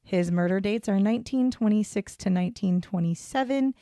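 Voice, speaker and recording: A woman's voice: medium pitch, fairly quick, mellow, no room sound, clean studio sound. A woman co-hosting a casual true-crime podcast, rambling and self-deprecating, breaking into giggles as she talks. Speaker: podcast co-host.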